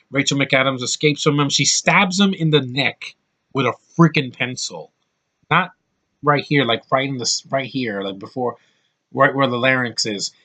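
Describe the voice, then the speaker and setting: A man's voice: mid-range voice, bright, forceful tone. A man giving a casual, rambling film review with blunt opinions and lots of restarts.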